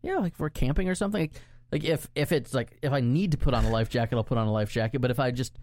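A man co-hosting a casual podcast chat, self-deprecating and quick to laugh. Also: medium pitch, darkish tone, dry recording, studio quality. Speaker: podcast co-host.

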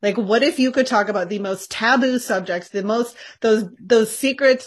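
A woman co-hosting a faith-based podcast in casual chat, animated and quick to laugh. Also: breathy edge. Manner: animated, laughs often, lively pitch jumps. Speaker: podcast co-host.

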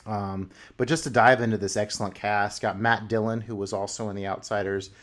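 Rambling low-voiced man on a film podcast. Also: fairly even intonation, brisk, a bit bright. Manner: rambling, full of fillers and restarts. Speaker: podcast host. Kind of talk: casual film discussion.

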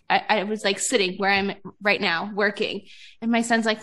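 A woman's voice: medium pitch, moderate pace, sharp tone. A woman in her thirties hosting a podcast, chatting casually, laughing often and peppering her talk with "like". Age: 30s. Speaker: podcast host. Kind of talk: casual chat.

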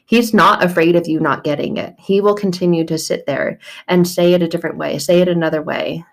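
A woman's voice: lowish voice, steady tone, brisk, creaky. A woman in her thirties giving a casual devotional talk, bubbly and chatty, often breaking into laughter. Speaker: faith vlogger.

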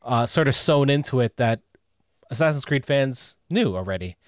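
A man hosting a casual podcast chat, relaxed, steering the talk with questions. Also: mid-range voice, moderate pace, no echo, clean studio sound. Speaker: podcast host.

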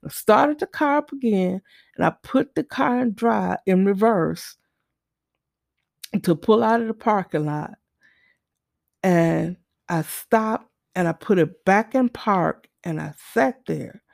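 A middle-aged woman telling a personal testimony story, animated, acting out the dialogue as she goes. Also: mid-range voice, slow, creaky, no echo, clean studio sound.

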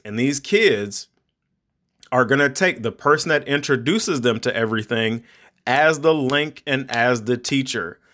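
Middle-aged male podcast host, mid-pitched, loose and rambling, lectures parents like a preacher. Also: a bit bright. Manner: rambling, conversational, preachy advice. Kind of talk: casual monologue podcast.

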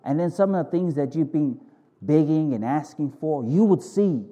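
A pastor speaking as God, pleading with his people in a low, earnest voice. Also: expressive, moderate pace, mellow.

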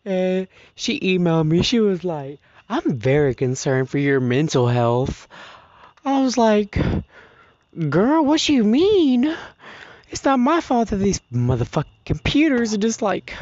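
A teenage high school student ranting casually on a podcast, profane and dramatic. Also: a little mellow, no room sound, lo-fi sound. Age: teens. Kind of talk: casual rant.

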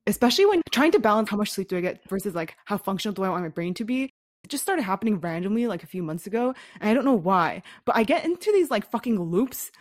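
Young woman, podcast co-host, quick profane storyteller, dry close recording. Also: mid-range voice, big pitch swings, no echo. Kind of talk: casual podcast chat.

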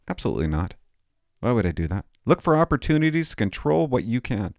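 A man's voice: mid-range voice, big pitch swings, quick pace, creaky, no echo, studio quality. A middle-aged man reading newspaper headlines aloud and mocking them with sarcastic, mock-indignant commentary.

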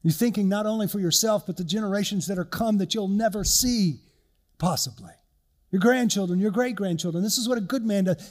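Older man, pastor, earnest conversational sermon, high-pitched voice. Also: brisk. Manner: earnest, conversational preaching with personal stories.

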